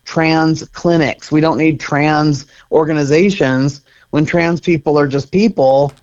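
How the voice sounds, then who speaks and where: A man's voice: fairly high pitch, fairly even intonation, measured pace, a little mellow. A middle-aged man speaking as an interview guest, earnest and reflective, laughing now and then. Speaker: guest, center co-founder. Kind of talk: conversational interview. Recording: slightly dull lo-fi audio.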